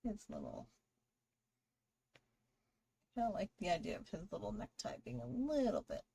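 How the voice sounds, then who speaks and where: A woman's voice: mid-range voice, huge pitch swings, normal speed, creaky, dark tone, husky. A woman hosting a live drawing stream, chatting casually with viewers and greeting them while she draws. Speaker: livestream artist host.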